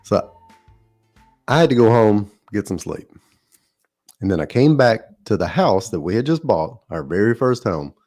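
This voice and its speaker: A man's voice: fairly low pitch, sing-song, normal speed, pauses often, a little mellow, soft background music. A middle-aged man with a Southern drawl, hosting a podcast and telling a rambling, folksy story in a casual monologue. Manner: folksy, rambling, laughs at his own stories. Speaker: podcast host.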